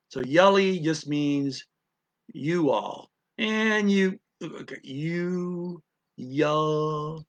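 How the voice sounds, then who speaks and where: A man teaching word by word in a casual lesson, halting and repeating sounds aloud with many fillers. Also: mid-range voice, a bit bright. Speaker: language teacher.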